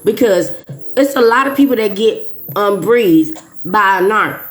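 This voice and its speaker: A woman's voice: medium pitch, lively intonation, a little slow, faint music behind. A woman talking straight to her viewers in a casual monologue. She is emphatic and repeats herself often, with frequent restarts. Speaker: video creator.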